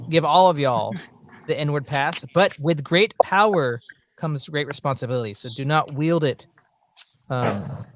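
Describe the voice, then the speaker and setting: Higher-voiced joking man. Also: unhurried, fairly bright tone. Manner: joking, mock-preachy. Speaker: podcast host. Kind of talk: casual chat.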